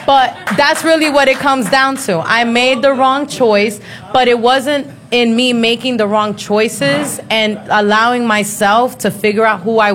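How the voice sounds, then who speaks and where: A woman in her thirties speaks bluntly and swears freely in an unscripted chat, breaking into laughter as she goes. Her voice sits a little high for a woman. Faint noise hums behind her. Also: fairly bright tone. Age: 30s. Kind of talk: casual chat.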